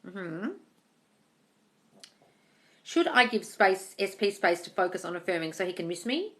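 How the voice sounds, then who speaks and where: A woman answering live-stream questions in a bright, forceful voice. She is blunt and swears freely, reads viewers' comments aloud, and calls everyone darling. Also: on the low side, animated, measured pace. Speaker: manifestation coach answering live chat questions.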